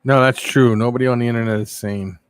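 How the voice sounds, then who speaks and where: A man hosting a casual live stream, telling animated stories and answering viewers' chat. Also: medium pitch, fast, clear, resonant tone, dry recording. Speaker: live-stream show host.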